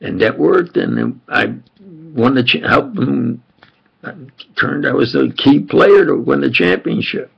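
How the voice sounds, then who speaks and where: A man's voice: medium pitch, expressive, a little slow, vocal fry, slightly rough, lo-fi sound. An elderly man with a New York accent, Italian his first language, rambling through memories in a meandering personal monologue. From New York, USA. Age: older. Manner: meandering, repeats himself, chuckles while reminiscing.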